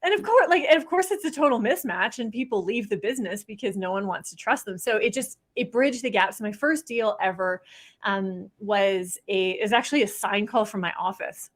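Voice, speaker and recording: A woman realtor and trainer is a guest on a podcast, speaking fairly quickly in an expressive, mid-range voice. In this casual interview she tells upbeat stories, laughs often, and acts out the people she quotes.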